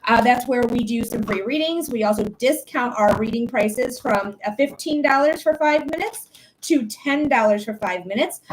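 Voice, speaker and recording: A woman's voice: fairly high pitch, slight background noise, low-quality recording. A woman psychic reader hosting a live stream, chatting casually and welcoming viewers by name over and over. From United States.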